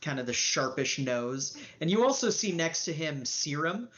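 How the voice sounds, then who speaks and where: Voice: medium pitch, sing-song, moderate pace, a bit bright, highs cut off. A game master narrating a tabletop game in a casual, loose way with plenty of fillers.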